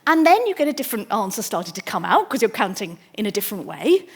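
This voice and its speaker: A woman's voice: mid-range voice, big pitch swings, fast talker, husky. A woman mathematics lecturer giving an enthusiastic, explanatory public lecture, often restarting her sentences.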